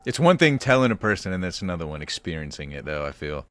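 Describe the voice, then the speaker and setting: A man's voice: sits low, sing-song, quick pace, a bit bright, dry recording, clean studio sound. A man co-hosting a podcast in casual chat, giving short, laid-back replies. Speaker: podcast co-host.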